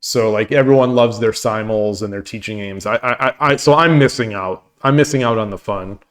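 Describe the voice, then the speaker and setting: A man's voice: on the low side, brisk. A man hosting his own stream and chatting casually with viewers, rambling and laughing as he talks. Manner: rambling, full of restarts and laughter. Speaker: streamer and host.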